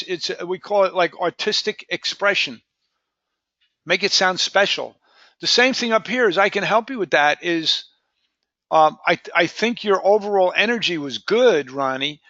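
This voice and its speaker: Male sales coach, high gravelly voice, punchy repetitive delivery, dry dull recording. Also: no room sound. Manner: energetic, repeats words, says "boom". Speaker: sales trainer. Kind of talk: coaching a live training session.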